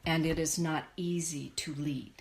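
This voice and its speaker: Woman host, slightly low voice, cheerful and affirming, pulls cards for viewers by name. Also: steady tone, a little slow, creaky, noisy background. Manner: affirming, greets viewers by name, laughs often. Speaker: spiritual show host giving card readings. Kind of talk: live-stream card reading chat.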